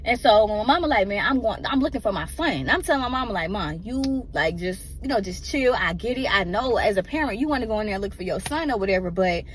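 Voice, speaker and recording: A woman's voice: medium pitch, lively intonation, fast talker, few pauses, a little hiss or hum. A woman emotionally telling a personal story in a casual, rambling way and often addressing her listeners directly.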